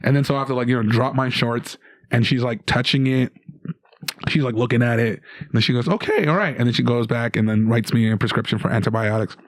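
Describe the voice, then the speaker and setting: A young man from Canada, a guest comedian, telling an animated story with many restarts in casual podcast chat. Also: medium pitch, quick pace, dry recording, studio quality.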